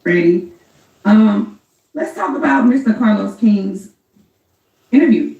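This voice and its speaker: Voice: medium pitch, lively intonation, slow, darkish tone, echoey room, distant mic, rough recording. A co-host in a casual chat, animatedly recounting events and commenting on them.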